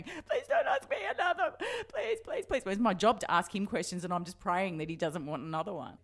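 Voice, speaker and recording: An Australian woman in her fifties, a broadcaster telling lively stories in a casual interview and laughing often. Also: fairly low pitch. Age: 50s.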